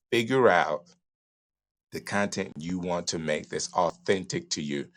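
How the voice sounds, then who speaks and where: A middle-aged man with a Southern US accent, hosting a live stream from his studio and giving emphatic, animated advice. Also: normal speed. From Southern United States. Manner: animated, emphatic, varying pitch and pace. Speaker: live streaming show host. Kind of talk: casual advice talk to a live audience.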